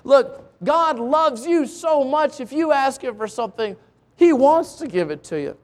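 A middle-aged man preaching a sermon, often repeating words as he searches for phrasing and slowing down to read scripture aloud. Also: extremely high pitch, lively intonation. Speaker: pastor.

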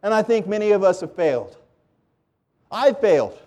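Man, preacher, high voice, impassioned sermon, loud pleas and hushed lows. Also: very animated, moderate pace, long pauses. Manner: impassioned, swings from loud pleading to low hushed.

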